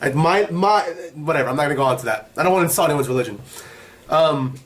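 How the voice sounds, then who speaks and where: A young man hosting his own vlog, telling a story in a profane, rambling, animated way. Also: on the high side, quick pace. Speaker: vlog host. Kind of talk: casual storytelling.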